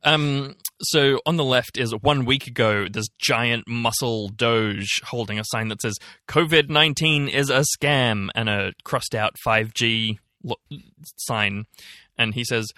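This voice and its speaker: A man's voice: lowish voice, measured pace, pushed and bright, no echo, clean studio sound. A man co-hosting a podcast, chatting casually with lots of fillers, restarts and swearing. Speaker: podcast co-host. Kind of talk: casual political chat.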